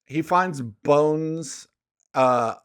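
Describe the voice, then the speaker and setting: A man's voice: a little high, extremely slow, fairly bright tone, clear, resonant tone. A man co-hosting a podcast, chatting casually about films in a laid-back way with plenty of agreeing fillers. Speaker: podcast co-host. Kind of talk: casual chat about movies.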